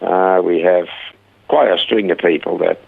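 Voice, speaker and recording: An older man telling stories as a guest in a conversation, animated and lifting his voice when he quotes himself. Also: low-pitched, a little slow, vocal fry, husky. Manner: animated retelling, voice rising when quoting himself. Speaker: guest, rehab centre founder. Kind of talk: storytelling in a conversation. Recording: tinny phone line.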